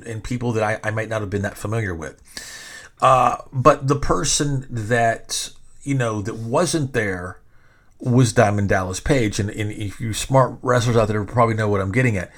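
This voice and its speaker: A middle-aged man hosts a podcast, speaking in a mid-range, fairly bright voice at normal speed. He tells stories casually, rambling and interrupting himself, and swears often.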